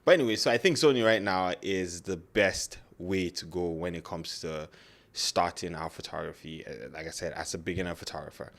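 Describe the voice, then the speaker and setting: A man's voice: low-pitched, brisk, vocal fry, a bit bright. A man with a non-native English accent, talking casually to camera about photography gear, rambling and correcting himself with many fillers. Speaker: photography YouTuber.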